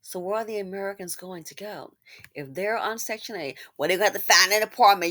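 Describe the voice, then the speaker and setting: Woman doing commentary on her channel, sarcastic and all over the place, loud then muttering. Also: medium pitch, fast talker. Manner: sarcastic, animated, swinging between loud asides and muttered remarks. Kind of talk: casual video commentary.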